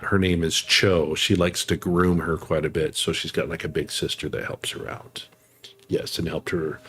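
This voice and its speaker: A man's voice: low voice, flat delivery, moderate pace, a bit bright, slightly rough, soft background music. A man chatting casually on a live game stream, thanking viewers and laughing easily.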